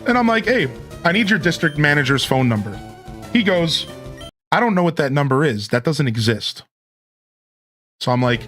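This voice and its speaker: A man streaming, telling a long story to his chat and acting out both sides of phone calls with sudden jumps in pitch. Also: a bit bright.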